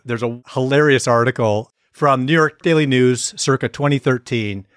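A man's voice: medium pitch, fairly bright tone, dry recording, studio quality. A man hosting a podcast and interviewing a guest in a playful, teasing way. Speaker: podcast host, musician. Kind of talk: casual interview chat.

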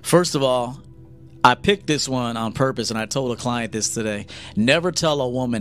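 A man's voice: mid-range voice, normal speed, a bit bright, soft background music. A man giving a blunt, profane lecture to men as a dating coach on a livestream.

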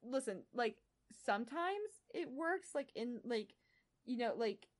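A woman's voice: on the high side, expressive, a little slow. A woman co-hosting a comedy podcast, reading explicit fan fiction aloud, often breaking into laughter and chatty asides. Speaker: podcast co-host.

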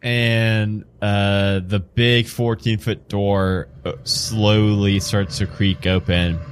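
A man narrating a tabletop game as game master, relaxed and laughing, with many fillers. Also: on the low side, slow pace, slight background noise.

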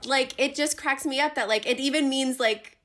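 A woman co-hosting a book podcast, telling a funny scene in an animated, giggly way. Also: sits high, normal speed. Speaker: podcast co-host. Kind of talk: casual chat.

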